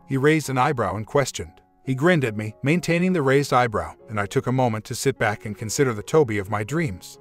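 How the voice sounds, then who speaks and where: A man reads a first-person story aloud in an even, measured way. His voice sits at a middle pitch for a man. Faint music plays softly behind him.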